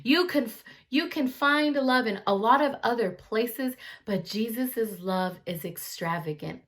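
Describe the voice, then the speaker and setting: Woman youth speaker, bright tone, slangy lively storyteller. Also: a little high, unhurried. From California. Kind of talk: youth club Bible talk.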